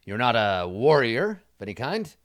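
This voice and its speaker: A man playing a stern old male skeleton army commander who speaks in a gruff, measured, probing way. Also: medium pitch, big pitch swings, close to an everyday voice.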